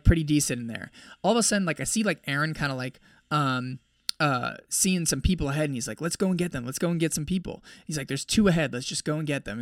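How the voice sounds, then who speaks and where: A young man hosts a podcast and tells a race story in a loose, chatty way, full of filler words. His voice sits fairly high for a man, and the sound is close and dry with no room around it. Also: no room sound. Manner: animated, heavy use of "like". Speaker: podcast host. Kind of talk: casual storytelling recap.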